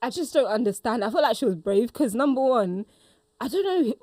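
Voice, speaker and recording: Animated woman co-hosting a chat. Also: on the high side, brisk, no echo, clean studio sound. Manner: animated, laughing storyteller. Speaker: podcast co-host. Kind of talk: casual chat.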